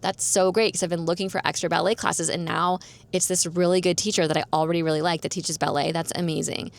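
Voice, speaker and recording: A young woman hosts a podcast, chatting casually on her own and constantly dropping "like" into her talk. Her voice is lowish and gravelly, her delivery flat, and she talks fast.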